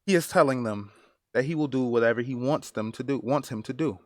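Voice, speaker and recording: A man giving personal commentary as a vlogger, earnest and emotional, halting and repeating phrases for emphasis. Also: medium pitch, no echo, studio quality.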